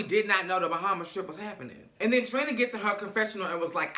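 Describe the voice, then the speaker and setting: A man's voice: high voice, fast, hardly any pauses, pushed and bright. Sassy, profane man recapping gossip. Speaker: reality TV recap vlogger. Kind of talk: casual commentary. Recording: echoey room.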